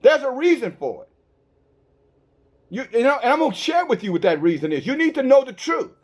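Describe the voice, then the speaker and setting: A man with a high voice preaching a sermon to his listeners. He presses each point hard and asks them questions directly. He often stumbles and restarts his words as he goes. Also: very animated, brisk, a little mellow. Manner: emphatic, with frequent stammered restarts. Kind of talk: online sermon.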